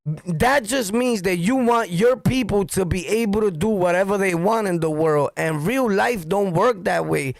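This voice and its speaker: Gravelly high-voiced New York man ranting. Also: a little slow, dry recording. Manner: blunt, profane, animated storytelling. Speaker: streamer and commentator. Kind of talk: heated street-talk monologue.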